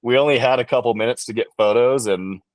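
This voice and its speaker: A man on a podcast, a bowhunting guest telling a hunting story in a relaxed, rambling way with lots of fillers. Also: mid-range voice, fast, no room sound. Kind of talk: casual storytelling in an interview.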